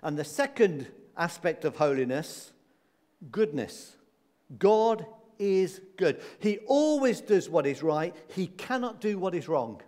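A man's voice: sits high, sing-song, takes it slowly, darkish tone. A man preaching a sermon, stressing and repeating key phrases to a congregation. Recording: long reverb of a hall.

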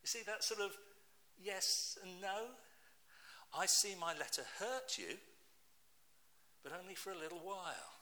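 A middle-aged man with a British accent preaches a sermon in a lively, storytelling way, often turning to his listeners with rhetorical questions. His voice is sharp and very bright and sits a little high for a man. His pitch swings widely as he talks. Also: a little slow, long pauses. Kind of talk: sermon with personal anecdotes.

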